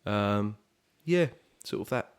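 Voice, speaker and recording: Young guy, musician on a podcast, low voice, rambly and laid back, lots of "sort of". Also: animated, slow, clear, resonant tone. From southeast England. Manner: easygoing, rambling with many fillers and restarts. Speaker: musician guest. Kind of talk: casual podcast interview.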